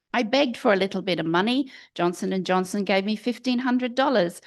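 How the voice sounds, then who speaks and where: A woman in her sixties, a midwifery professor, gives an inaugural lecture in a lecture hall, telling lively personal anecdotes straight to the audience. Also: medium pitch. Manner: lively anecdotal storytelling, speaks to the audience directly. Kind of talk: personal storytelling lecture with slides.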